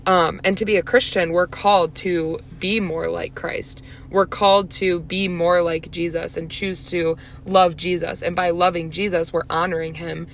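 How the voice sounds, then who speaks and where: Earnest young woman with a gravelly edge. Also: lowish voice, little pitch movement, moderate pace, hardly any pauses, slight background noise. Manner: chatty, earnest, lots of "like" and "um". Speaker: podcast host. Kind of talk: solo faith podcast talk.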